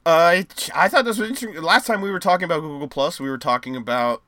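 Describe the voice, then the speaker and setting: Bright-voiced man podcast co-host. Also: on the high side, quick pace, dry recording. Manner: rambling, filler-heavy, jokey. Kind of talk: casual chat and reading news aloud.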